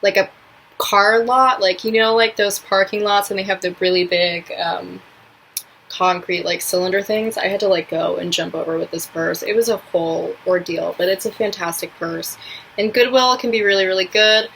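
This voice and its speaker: A woman's voice: mid-range voice, steady tone, moderate pace, vocal fry, fairly bright tone, a little hiss or hum, poor audio. A young woman from New York chatting casually in a vlog, rambling with lots of filler words. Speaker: vlogger.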